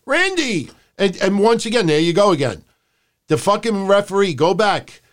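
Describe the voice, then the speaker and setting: A man co-hosting a wrestling podcast, recapping the show in casual, profane chat and shouting out quotes in a high voice. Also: normal speed. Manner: animated, profane, mimics people in loud high shouts. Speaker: podcast co-host.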